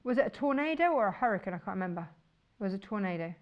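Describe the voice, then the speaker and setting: A woman's voice: mid-range voice, expressive, rapid-fire, highs cut off. Gushing woman presenting sewing fabrics. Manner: enthusiastic, gushing, chatty. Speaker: shopping channel presenter. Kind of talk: chatty live sales presentation.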